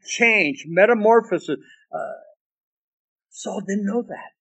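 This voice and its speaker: High-voiced preacher, emphatic and repetitive. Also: male voice, highs cut off. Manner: emphatic, repeats key lines, storytelling asides. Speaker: pastor. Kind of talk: sermon.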